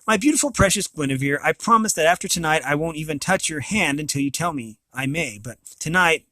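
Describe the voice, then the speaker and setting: A man's voice: a little high, expressive, a little fast, bright, forceful tone, dry recording. A man reading a novel aloud, voicing an earnest, apologetic young king.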